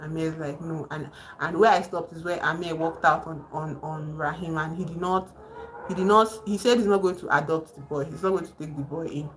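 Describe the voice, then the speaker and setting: A woman hosting a casual livestream, excitedly retelling a novel's plot with emphatic outbursts. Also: sits low, fairly quick, rough recording. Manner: excited, emphatic storytelling with sudden exclamations. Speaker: livestream host. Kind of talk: casual livestream chat about a book. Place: home.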